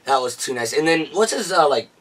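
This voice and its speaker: A man reviewing a movie in casual chat, excitable and gushing, often exclaiming and laughing. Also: fairly high pitch, a little fast, distant mic.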